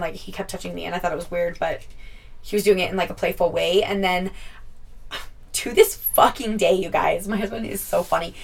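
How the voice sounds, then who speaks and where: Recorded from a distance, this young vlogger has a gravelly, mid-range voice. Chatty and casual, she tells her viewers a story, cursing often and performing other people's lines.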